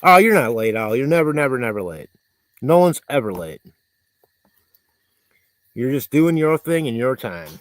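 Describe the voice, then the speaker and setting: A man's voice: medium pitch, very animated, moderate pace, long pauses, no echo. A man hosting a livestream, rambling in casual chat and reading viewers' comments aloud, congested and coughing. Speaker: livestream host.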